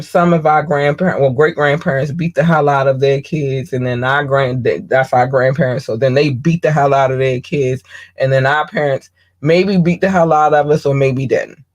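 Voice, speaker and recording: A woman hosting a podcast, talking bluntly and candidly in a casual monologue, swearing freely and often pausing with ums. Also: low-pitched. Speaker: podcast host.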